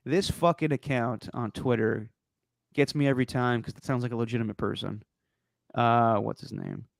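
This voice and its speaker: Gravelly, opinionated male podcast host. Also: medium pitch, fairly even intonation, moderate pace, no room sound, clean studio sound. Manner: opinionated, frank, swears casually. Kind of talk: casual sports chat.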